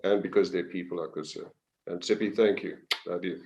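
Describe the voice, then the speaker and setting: A man's voice: low-pitched, steady tone, brisk, a little mellow, lo-fi sound. A man in a casual online chat, speaking with emotion and gratitude. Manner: emotional, grateful.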